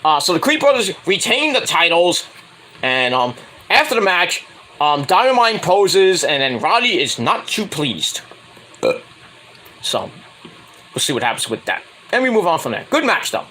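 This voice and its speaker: A man talks through a wrestling show in a loose, rambling solo review, tossing in crude asides. His voice sits high and swings widely in pitch. The tone is bright and sharp. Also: big pitch swings, moderate pace, pauses often. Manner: rambling, crude asides, jumps into loud impressions.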